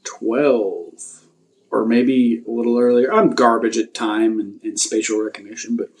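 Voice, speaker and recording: Man, podcast guest, casual interview, laid-back, self-deprecating, hesitant, mid pitch. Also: steady tone, unhurried.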